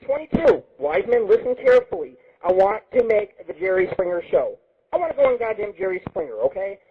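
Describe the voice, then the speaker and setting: A man hosts his own internet radio show in a loud, profane, rambling monologue, his pitch sitting high and swinging wildly. His voice is deeply husky and raspy. The sound is narrow and muffled, like a phone line. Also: very animated, a little fast. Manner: loud, profane and manic, jumping between topics.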